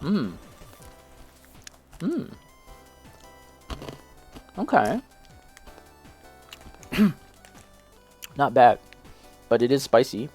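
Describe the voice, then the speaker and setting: A man's voice: mid-range voice, very animated, drawn-out words, pauses often, a little mellow. Young man, casual snack-review host, chatty and self-deprecating, light music in the background. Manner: chatty, self-deprecating, reacting while eating. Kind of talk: casual snack tasting chat.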